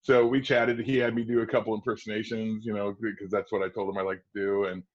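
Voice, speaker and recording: A man's voice: on the low side, fast talker. A man in his forties from Wisconsin, guesting on a podcast and telling a long anecdote, acting out the voices of the people in it. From Kenosha, Wisconsin. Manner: lively raconteur who acts out quoted voices and laughs often. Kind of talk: anecdotal storytelling. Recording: dull lo-fi podcast audio.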